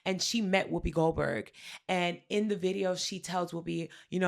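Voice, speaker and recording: A woman co-hosting a podcast, telling pop culture stories in a casual, animated way and acting out the quotes. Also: fairly low pitch, normal speed, creaky. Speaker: podcast co-host. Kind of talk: casual chat.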